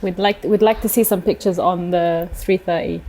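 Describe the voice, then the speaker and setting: A young woman joins a casual podcast chat, often chiming in with reactions. Her voice is low and mellow, and faint clicks sit behind it. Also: steady tone, moderate pace, slight background noise, poor audio. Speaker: podcast co-host.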